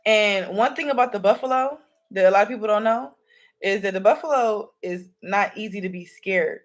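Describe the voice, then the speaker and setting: A woman, a spiritual reader talking loosely and rambling to her viewers about signs and energy. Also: medium pitch. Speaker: spiritual reader and channel host. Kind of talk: casual spiritual channeling talk to viewers. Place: home room with candles.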